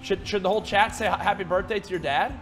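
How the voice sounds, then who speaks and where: A man livestreaming a game, chatting and joking with a young teammate, getting loud and excited in fights. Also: high-pitched, quick pace, music in the background. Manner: excitable, jokey, shouts during fights. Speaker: streamer. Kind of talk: casual gaming livestream chat.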